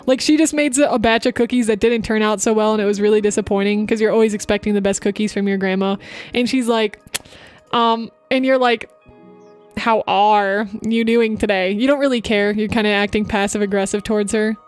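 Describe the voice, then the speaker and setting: A woman's voice: medium pitch, fairly even intonation, fairly quick, soft background music. A woman streamer chatting casually into her microphone, giving upbeat voice acting tips to her chat. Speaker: VTuber streamer.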